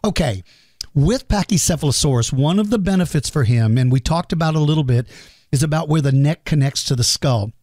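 A man's voice: a little high, animated, a little fast, a little mellow, no room sound. A middle-aged man hosting a podcast, casually answering listener questions in a chatty, self-deprecating way. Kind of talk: casual Q&A monologue.

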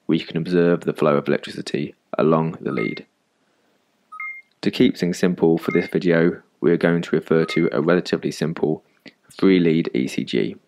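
A man narrating a scripted medical lesson in calm, measured explanations. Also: deep voice, gravelly.

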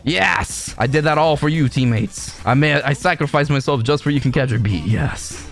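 A man commenting casually on his own online match, excitable and jokey, yelping at surprises. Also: mid-range voice, moderate pace, hardly any pauses, soft background music. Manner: excitable, jokey, laughs often and yelps at surprises. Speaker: gaming channel host.

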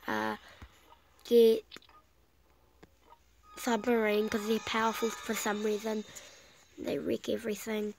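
A woman's voice: a little high, flat delivery, slow, creaky, pauses often, a little mellow, soft background music, rough recording. A woman with a cough, casually commenting on her own strategy game play and rambling to herself with many fillers. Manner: rambling, self-talking, trailing off with fillers. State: sick with a cough. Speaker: gameplay commentator.

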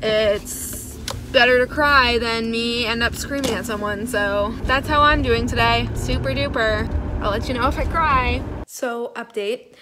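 A young woman with a slightly high voice vlogs straight into her phone, frank, fed up and poking fun at herself. She speaks casually, as if to a friend. The phone audio is outdoors and carries a clear bed of background noise. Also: measured pace. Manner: frank, exasperated and self-mocking. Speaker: vlogger. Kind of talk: casual daily vlog.

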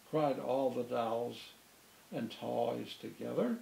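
A man's voice: a little high, lively intonation, slow, vocal fry, a little mellow, roomy sound, a little hiss or hum, rough recording. A man, a priest, reading a children's storybook aloud with dramatic character voices. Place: church.

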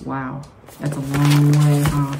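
A woman with a low-pitched voice opens mail on camera and gushes to her viewers. She talks in an excited, casual way. A faint hum of room noise sits behind her. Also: slow, gravelly. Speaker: vlogger. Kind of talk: casual mail-opening vlog.

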